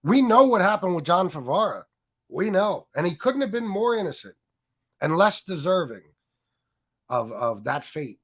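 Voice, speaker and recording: Heated, animated male livestream ranter. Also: high-pitched, normal speed. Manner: angry, profane and mocking, with many fillers. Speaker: streamer host. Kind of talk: ranting live stream commentary.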